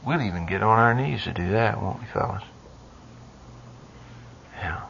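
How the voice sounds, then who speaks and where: A man preaching a sermon with a husky voice, rising from quiet asides to loud pleading cries. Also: lowish voice, a little slow, a little hiss or hum. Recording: dull lo-fi sound.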